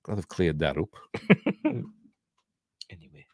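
A man's voice: sits low, expressive, slow, darkish tone, no echo, clean studio sound. A middle-aged man with a Yorkshire accent, chatting casually through a film commentary, rambling and breaking off with chuckles. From Yorkshire, England. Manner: rambling, chuckling, self-interrupting. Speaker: host.

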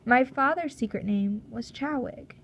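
A woman reading a storybook chapter aloud in a measured, steady narration. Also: on the high side, dull audio, a little hiss or hum. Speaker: audiobook reader.

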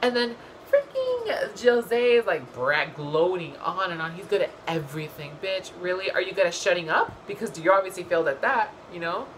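A young woman vlogger recapping a reality show in a casual, gossipy way, blunt and full of swearing and animated asides. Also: fairly low pitch, moderate pace, slight background noise, low-quality recording.

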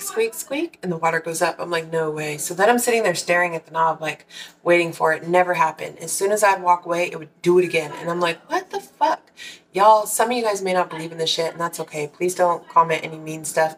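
A woman's voice: fairly low pitch, recorded from a distance, low-quality recording. Candid, foul-mouthed woman spiritual vlogger. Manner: candid and swears freely, with dramatic quoted reactions. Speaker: tarot reader, vlogger. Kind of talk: casual storytelling to viewers.

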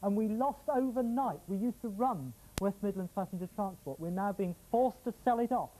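A man speaking as a councillor in a studio debate, measured and defensive, with some halting repeats. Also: high voice, warm tone, a little hiss or hum, poor audio.

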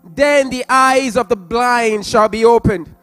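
A male preacher with a strikingly high voice delivers an impassioned sermon. He repeats his phrases, rises into loud sung prayer and keeps pressing each point. Faint music sits behind him. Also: slow pace, clean tone.

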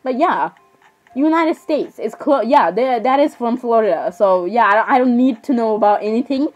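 A woman's voice: on the high side, expressive, moderate pace, a little mellow, lo-fi sound, soft background music. Chatty, dramatic teenage girl. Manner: fillers, restarts and repeated apologies, chatty and dramatic. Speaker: vlogger. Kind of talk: casual rambling chat.

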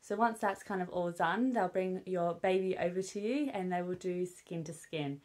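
A young British woman vlogs at home with her newborn, chatting candidly to camera and using plenty of fillers like "um" and "obviously." Her voice sits on the low side, with a moderate pace and a darkish tone.

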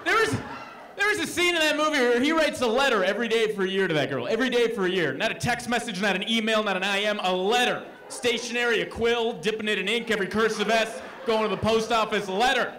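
High-voiced young stand-up comedian. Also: male voice, fast. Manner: animated, sarcastic storytelling. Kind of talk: live stand-up set. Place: comedy club stage. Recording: noisy live comedy club.

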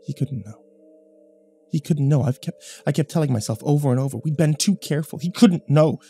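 A man's voice: on the high side, a little fast, warm tone, husky, faint music behind. A man narrating a first-person horror story in a tense, dramatic reading.

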